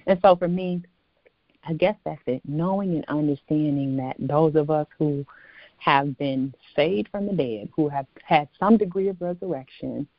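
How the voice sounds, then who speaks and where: A woman's voice: low-pitched, normal speed, no echo. A woman guest in a casual conversation, reflective and devout, telling a story in a colloquial way with hesitant fillers. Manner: reflective storytelling with religious phrases. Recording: dull lo-fi dry audio.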